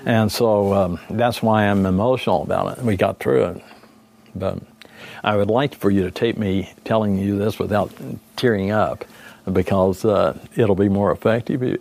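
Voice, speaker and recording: An older man with a lowish, creaky, somewhat dark voice recalls his time leading a condor recovery team in an interview. His reflections ramble, packed with fillers and frequent self-corrections.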